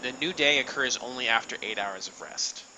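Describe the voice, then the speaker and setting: Man as tabletop game master on a voice call, mid-pitched, patient rule explainer, noisy line. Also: lively intonation, fairly quick. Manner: explains rules step by step, with fillers. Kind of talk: running a tabletop game over voice chat. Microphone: online voice call.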